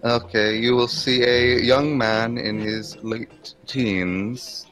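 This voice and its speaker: Slow-talking man describing his character. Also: medium pitch, steady tone, a bit bright, soft background music. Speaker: player.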